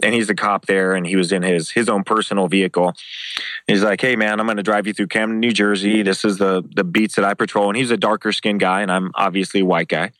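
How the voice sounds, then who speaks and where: A man telling casual anecdotes as an interview guest, swearing freely and acting out other people's lines. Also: dry recording. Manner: animated, acts out quoted dialogue with pitch jumps. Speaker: interview guest, former MMA show host.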